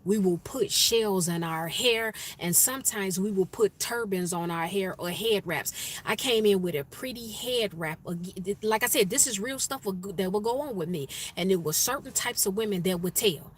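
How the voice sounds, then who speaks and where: A woman's voice: mid-range voice, normal speed, few pauses. A woman vlogger, telling a workplace story to her viewers and acting out the voices of her coworkers. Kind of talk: casual storytime chat to viewers. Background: faint street noise, passing sirens.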